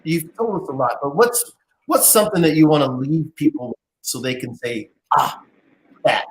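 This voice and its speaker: A man hosts a live interview show in a jovial, teasing manner. His speaking voice sits fairly high for a man. He keeps the talk lively and playful. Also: a little fast. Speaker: host.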